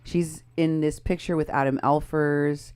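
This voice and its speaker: Very low-voiced woman, pointed critic. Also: fairly even intonation, measured pace, a little mellow, smooth. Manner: pointed and critical, walking through posts and photos. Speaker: co-host. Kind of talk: casual political commentary.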